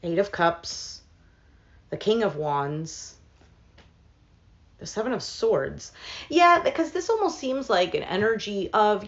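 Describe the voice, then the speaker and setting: A woman's voice: mid-range voice, animated, slow, pauses often. Lo-fi woman giving a casual tarot reading. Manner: thinks aloud with fillers, speaks to viewers as "some of you". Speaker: tarot reader.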